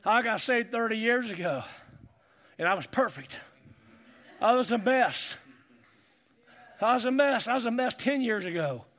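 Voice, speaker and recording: A middle-aged man preaching a sermon as pastor, building to shouted, repetitive exhortations. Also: very high-pitched, animated, measured pace, pauses often.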